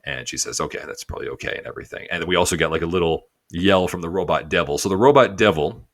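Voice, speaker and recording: A man's voice: low voice, fast talker, no room sound. A man co-hosting a podcast, casually retelling a cartoon episode in a rambling way full of fillers. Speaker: podcast co-host.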